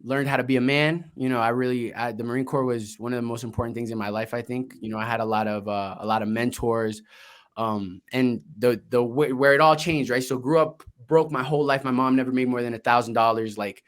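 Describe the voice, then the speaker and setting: A young man and Marine veteran, a guest telling his life story in a casual, candid, energetic way, swearing freely. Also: medium pitch, a little fast. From Colombia, raised in Florida. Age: young adult.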